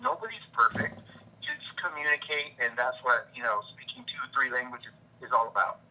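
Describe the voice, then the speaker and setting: A man chatting as a guest on a collecting show, upbeat and quick to give shout-outs. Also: mid-range voice, lively intonation, slight background noise, low-quality recording. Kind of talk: casual chat.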